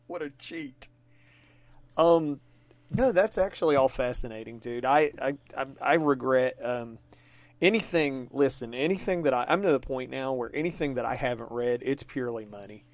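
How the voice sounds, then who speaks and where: A man co-hosting a podcast, telling an animated, profane story in casual chat. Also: mid-range voice, normal speed, no echo. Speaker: podcast co-host.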